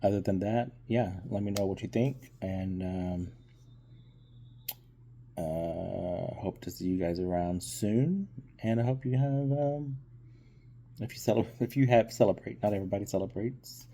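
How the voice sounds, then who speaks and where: A man's voice: on the low side, measured pace, dark tone. A man giving a casual, hesitant movie review on his vlog, full of ums, while still getting over being sick.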